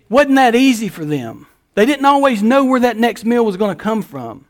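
A man's voice: high voice, very animated, normal speed. A male pastor preaching a sermon in a folksy, emphatic way.

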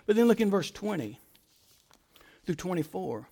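A male pastor with a high-pitched, gravelly, breathy-edged voice preaches a sermon at a moderate pace, very animated and with long pauses. He reads scripture aloud and explains it with emphatic rhetorical questions, often dropping to a hush at the ends of phrases.

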